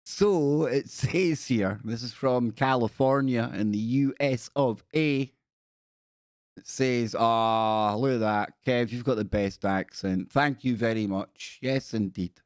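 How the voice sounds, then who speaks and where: A man's voice: mid-range voice, fairly even intonation, slow, clear, resonant tone, dry recording, studio quality. A man hosting a casual livestream, reading viewer stories aloud with playful, rambling asides and jokey spooky voices. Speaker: livestream host.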